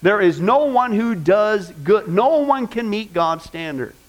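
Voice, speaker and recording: High-voiced, animated male Bible teacher. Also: a little slow, poor audio. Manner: animated and joking, with vivid asides. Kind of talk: informal classroom Bible teaching. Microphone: microphone.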